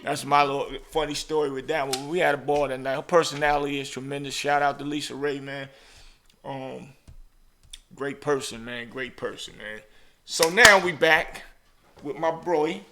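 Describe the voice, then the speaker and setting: A man's voice: mid-range voice, moderate pace. A male podcast host telling casual stories and acting out voices in his anecdotes. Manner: animated, acts out voices in anecdotes. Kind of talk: casual storytelling chat.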